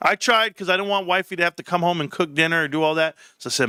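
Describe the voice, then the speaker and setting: A man hosting a casual livestream from home, talking in an animated, rambling way with casual swearing. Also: a little high, quick pace, hardly any pauses, smooth, dry recording. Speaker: livestream host.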